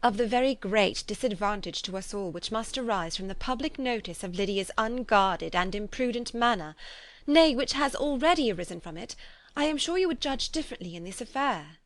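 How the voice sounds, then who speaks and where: A woman's voice: fairly high pitch, expressive, brisk, close to an everyday voice. A woman reading an audiobook, voicing a sensible young woman who pleads earnestly and insistently.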